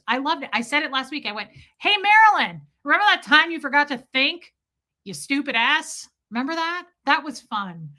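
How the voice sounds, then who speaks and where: A woman hosting a casual live stream and chatting with viewers, animated and quick to laugh, swearing freely. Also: sits high. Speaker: live-stream host reading chat.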